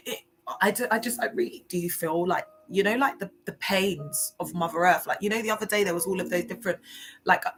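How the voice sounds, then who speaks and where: A woman's voice: medium pitch, pushed and bright, rough recording. A woman chatting on a livestream, rambling and emotional, with many fillers. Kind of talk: casual livestream chat.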